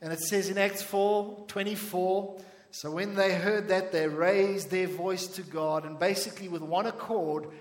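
A man preaching a sermon emphatically as pastor, with a high voice, in a reverberant church hall. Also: steady tone, a little slow.

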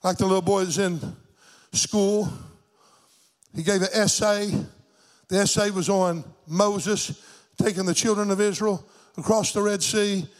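Fervent older male preacher, high voice. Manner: fervent, rhythmic preaching with a sing-song lilt. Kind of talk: sermon.

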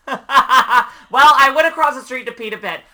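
Bright-toned man, animated storyteller. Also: very high-pitched, normal speed. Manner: animated, self-mocking storytelling. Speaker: podcast co-host. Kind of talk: casual chat.

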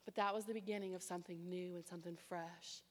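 A woman's voice: fairly low pitch, fast. Woman preaching in a reverberant hall. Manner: animated storytelling, acts out voices. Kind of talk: sermon with personal testimony. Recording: long reverb of a large hall.

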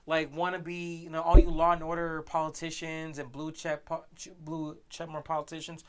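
A man's voice: on the high side, monotone, moderate pace, hardly any pauses, clean tone. A man co-hosting a casual podcast chat, earnest and argumentative, often restarting his sentences. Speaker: podcast co-host.

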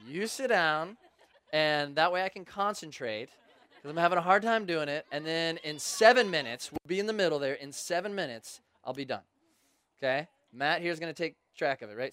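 A man's voice: fairly high pitch, fairly bright tone. A man preaching a sermon, retelling stories casually with joking asides to the crowd.

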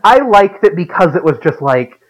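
A man co-hosting a casual gaming chat, excitable, swearing freely and laughing often. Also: high voice, normal speed, low-quality recording. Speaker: podcast co-host.

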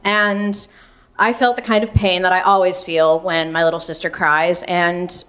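A woman's voice: fairly low pitch, level tone, a little slow, a bit bright. Young woman telling a wry personal story. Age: young adult. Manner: wry, self-mocking, laughs through lines.

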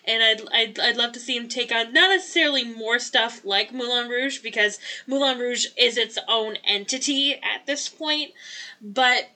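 Woman co-host, high and bright, eager and chatty with lots of restarts. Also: moderate pace. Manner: enthusiastic, rambling with restarts. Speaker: podcast co-host. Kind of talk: casual movie review chat.

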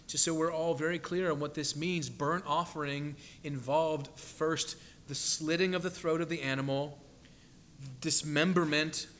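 A man's voice: on the high side, steady tone, a little slow, fairly bright tone, a little hiss or hum. A man preaching a sermon in an earnest, emphatic way, building dramatic tension when he quotes scripture.

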